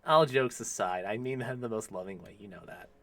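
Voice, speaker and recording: A man's voice: on the low side, a little fast, no echo. A man in his twenties bantering playfully in casual stream chat, trading mock threats with a friend. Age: 20s.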